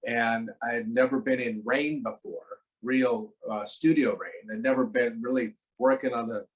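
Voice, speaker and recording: A man's voice: medium pitch, steady tone, moderate pace, rough recording. Man telling a rambling set story. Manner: rambling storyteller, acts out quoted voices. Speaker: guest actor. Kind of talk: casual anecdote on a video call.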